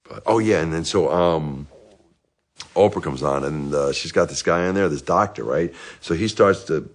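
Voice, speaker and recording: An actor playing a middle-aged divorced dad in therapy, rambling and self-justifying in a comic monologue, with bursts of anger. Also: male voice, a bass voice, normal speed. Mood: self-pitying. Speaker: therapy patient.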